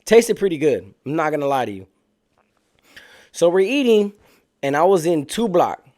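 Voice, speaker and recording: A man's voice: fairly high pitch, big pitch swings, moderate pace, a little mellow. A man casually telling a story in street slang, animating it by acting out what other people said. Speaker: storyteller recounting prison life.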